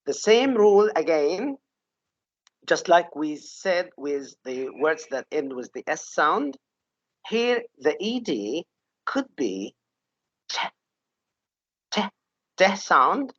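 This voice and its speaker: A woman's voice: deep voice, sing-song, takes it slowly, no echo. A woman teaching English pronunciation in an online lesson, patiently repeating example words and often checking in with "okay?". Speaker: English teacher giving a webinar. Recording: dull lo-fi webinar audio.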